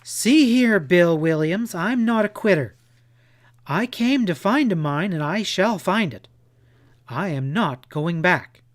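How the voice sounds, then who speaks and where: A man's voice: high-pitched, lively intonation, takes it slowly, dry recording, voice pushed up. A man voicing a stubborn, proud young woman in a western audiobook. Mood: defiant.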